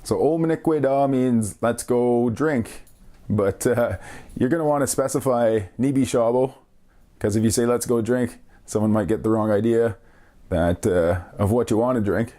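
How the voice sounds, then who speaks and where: Male radio host, warm mellow tone, casual teacher, repeats phrases patiently, informal and self-deprecating. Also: medium pitch. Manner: explains slowly, repeats phrases carefully, light laughs. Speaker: language lesson host. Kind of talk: casual radio language lesson.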